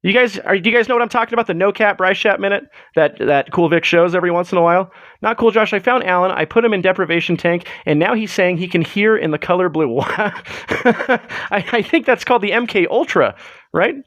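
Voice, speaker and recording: This livestream host talks to his viewers casually, rambling and leaning on filler words. His fairly high voice has a brisk, fairly bright tone, captured dry and lo-fi on a close desk mic that sounds dead.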